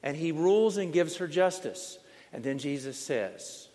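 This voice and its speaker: A male preacher telling a sermon story in a slow, dramatic manner, leaning on repetition. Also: on the high side, expressive, mellow. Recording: long reverb in a large hall.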